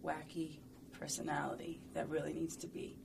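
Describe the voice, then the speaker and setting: A woman's voice: low-pitched, little pitch movement, normal speed, vocal fry, noisy background. A woman talking casually and playfully in an interview, rambling and chatty with lots of fillers.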